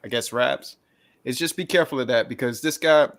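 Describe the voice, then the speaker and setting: A man's voice: mid-range voice, a little fast, a bit bright. Rambling, playful male co-host. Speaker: co-host of a music review show. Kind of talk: casual review chat.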